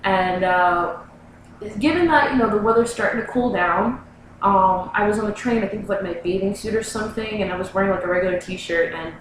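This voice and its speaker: A woman's voice: mid-range voice, a little fast, noisy background. Young woman rambling in an echoey room. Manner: rambling, filler-heavy, lots of "like". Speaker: vlogger. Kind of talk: casual storytelling to camera. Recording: very echoey room, mic far away.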